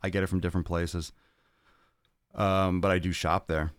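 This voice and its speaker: A man with a very deep, low voice answers fan questions on his fitness podcast. He is blunt and profane and rants at times. The sound is dry and close, with no room around it. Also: level tone, moderate pace, no echo. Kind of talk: casual Q&A answering viewer questions.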